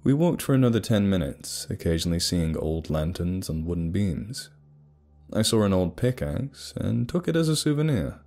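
A young adult man narrating a horror story in a steady, measured way. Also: sits low. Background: faint music.

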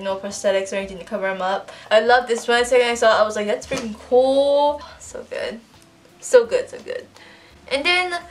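A woman chatting casually through an unboxing, gushing and excitable, swearing freely. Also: fairly high pitch, distant mic. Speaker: vlogger unboxing fan merch. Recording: voice a bit off-mic, soft music behind.

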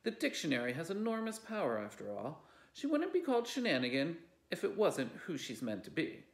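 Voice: medium pitch, huge pitch swings, fairly quick, voice pushed up. A library reader voicing a fussy middle-aged aunt who speaks fretfully and earnestly. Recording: roomy echo.

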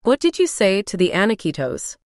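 A woman's voice: mid-range voice, huge pitch swings, brisk, a little mellow, no room sound, clean studio sound. A woman voicing a resentful young man who snarls and makes accusations in an audiobook.

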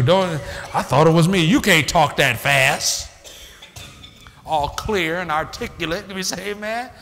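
A man preaching, his voice bright and fairly high, swinging widely in pitch. He calls out for answers from the congregation and acts out church members. Long reverb from the big church hall trails every phrase. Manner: call-and-response preaching, acting out church members. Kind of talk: sermon.

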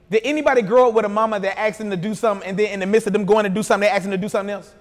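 A man's voice: sits high, steady tone, racing, few pauses, in a large hall. A male pastor preaching a sermon, reading scripture and then riffing casually, calling the congregation to repeat phrases. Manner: call-and-response, has the congregation repeat phrases; reads scripture then riffs in casual slang.

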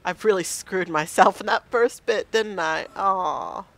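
Nervous slow-talking woman gamer. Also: mid-range voice, creaky, a bit bright. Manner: nervous, self-mocking, talks to the game. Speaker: let's play gamer. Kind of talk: casual game commentary.

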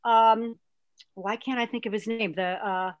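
A woman guest, an actress, chatting and telling stories in an animated way, with a lot of restarts. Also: fairly high pitch, a little slow, no echo, highs cut off. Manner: animated, rambling storyteller with many restarts. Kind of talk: casual interview chat.

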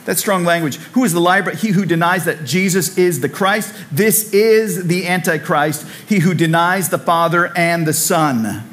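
A man's voice: high-pitched, moderate pace, hardly any pauses, a bit bright. A man preaching a sermon in a church, conversational and repetitive, with humorous asides. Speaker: pastor. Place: church sanctuary.

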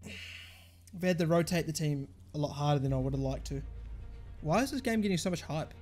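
A man commentating his football video game, swearing and shouting at the play. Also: normal speed, soft background music. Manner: swears and shouts at the game, pitch jumps high in frustration. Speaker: gaming channel host. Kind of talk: live gameplay commentary.

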